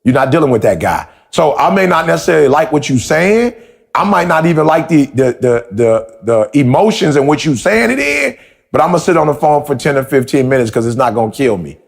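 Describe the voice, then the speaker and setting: Gravelly-voiced man, animated storyteller. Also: a little high, fairly quick. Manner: animated storytelling with emphatic repeated questions. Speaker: podcast host. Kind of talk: motivational conversation.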